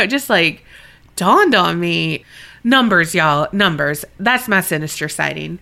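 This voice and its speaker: A woman's voice: mid-range voice, expressive, normal speed, pushed and bright. A woman with a Southern American accent co-hosting a podcast, chatting casually, swearing and laughing often, and reading out listener stories. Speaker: podcast co-host.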